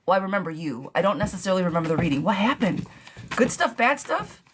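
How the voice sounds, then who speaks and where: A woman's voice: mid-range voice, big pitch swings, fast talker, a little hiss or hum. A woman giving a chatty live tarot reading, calling viewers darling and girl as she answers their questions. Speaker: tarot reader.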